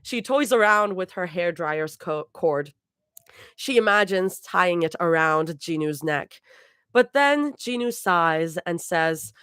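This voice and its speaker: A woman's voice: lowish voice, expressive, slow pace, fairly bright tone, clean tone, no echo, studio quality. A woman casually reading fan fiction aloud on a live stream. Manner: casual reading aloud, laughs between lines.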